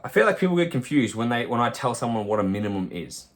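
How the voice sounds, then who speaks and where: A man speaks as a fitness coach in a podcast monologue, forceful and lecturing. He swears freely and hammers his points home. His voice sits in a mid range. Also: mid-range voice, big pitch swings, fast talker.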